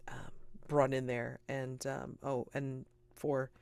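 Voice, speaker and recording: A game master closing out a tabletop session with loose, excited rambling, full of "like" and "um". The voice sits at an ordinary middle pitch. It is recorded dry and close, with no room sound. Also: slow, vocal fry, smooth, no room sound. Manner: rambling, enthusiastic, with many fillers and laughs.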